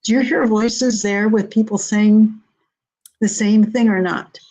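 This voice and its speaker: A woman's voice: medium pitch, fairly even intonation, unhurried, dark tone, poor audio. A woman co-hosting a talk show, giving short replies and asking follow-up questions. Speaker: co-host. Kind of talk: casual chat.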